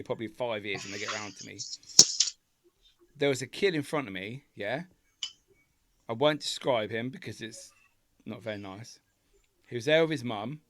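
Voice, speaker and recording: Brief: male podcast co-host, mid-pitched, swears constantly, rants in bursts. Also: normal speed, pauses often, slight background noise. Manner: ranting, heavy swearing, animated outbursts. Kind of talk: casual chat.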